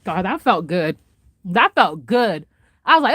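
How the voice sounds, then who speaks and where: A woman vlogger in a casual reaction chat, gushing and excitable, laughing often and swinging between loud highs and soft mutters. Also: a little slow, breathy edge, no echo, clean studio sound.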